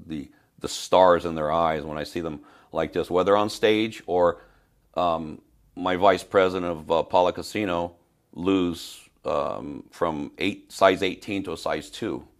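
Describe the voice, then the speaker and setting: An older man from Spain, a fitness trainer telling stories in an interview, with halting restarts and repeated words. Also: rumbling low, vocal fry. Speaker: fitness trainer, podcast guest. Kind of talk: storytelling in an interview.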